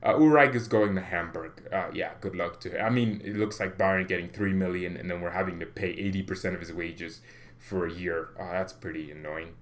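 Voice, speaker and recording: A man's voice: low voice, fairly even intonation, a little fast. A young man hosting a fan channel, giving casual, jokey football commentary and acting out mock phone calls.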